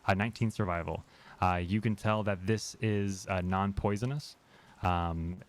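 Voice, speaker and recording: A man running a tabletop game as game master, describing scenes at a measured pace with frequent ums and uhs. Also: low-pitched.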